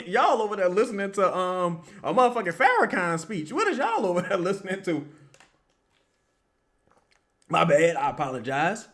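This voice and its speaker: Young male streamer, bright cutting voice, a touch high, excitable, foul-mouthed fan commentary. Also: normal speed, pauses often. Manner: excitable, profane, bursts into yelling at the players. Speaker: streamer watching a basketball game live. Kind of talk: live fan watch-along commentary.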